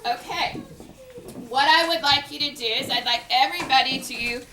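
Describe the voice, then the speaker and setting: A woman teaching a class of children, giving instructions and stretching out her cue words slowly. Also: sits high, bright, forceful tone. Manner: slow, drawn-out cue words. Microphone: worn teacher mic, recorded from a distance. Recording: echoey classroom mic from far off. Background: classroom noise.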